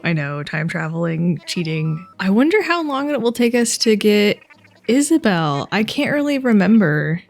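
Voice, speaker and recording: A young woman talking through a video game in a relaxed, chatty way. She gets excited easily and giggles often as she comments on what she sees. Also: mid-range voice. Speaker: gaming vlogger. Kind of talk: casual gameplay commentary.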